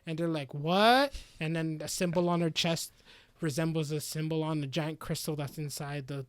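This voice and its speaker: High-voiced slangy young man. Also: fairly quick, clear, resonant tone, no room sound. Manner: animated, slangy, acts out characters' lines. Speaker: podcast co-host. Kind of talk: casual chat reviewing anime.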